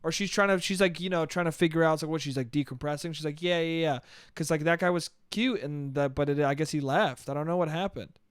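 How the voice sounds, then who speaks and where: A man's voice: on the high side, fast, clear, resonant tone, no echo, studio quality. A man around thirty rambling through a casual solo podcast, swearing often, mocking himself and laughing at his own stories. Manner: rambling, swearing, self-deprecating, laughs a lot. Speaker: podcast host.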